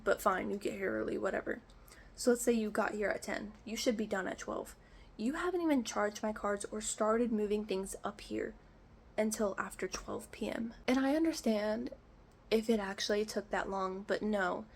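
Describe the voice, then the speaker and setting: A woman's voice: medium pitch, normal speed, vocal fry, slight background noise. A young woman ranting in a casual storytime vlog, exasperated, swearing often and saying "like" a lot, in an echoey indoor room. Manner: exasperated, swearing, lots of filler "like". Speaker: vlogger.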